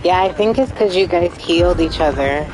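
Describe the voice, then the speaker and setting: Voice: medium pitch, normal speed, music in the background, rough recording. A live streamer chatting casually and rambling through gameplay commentary, sometimes swearing when frustrated.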